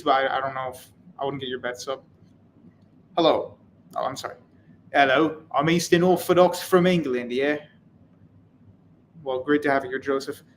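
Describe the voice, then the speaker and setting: A man's voice: medium pitch, slight background noise, low-quality recording. A man hosting a live stream, reading chat comments and answering in a casual, wry, rambling way. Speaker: channel host.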